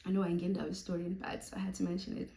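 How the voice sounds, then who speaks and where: A young South African woman telling a story to camera in a lively storytime vlog, slipping between Xhosa and English. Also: on the low side, fast, creaky, reverberant, low-quality recording. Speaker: YouTuber.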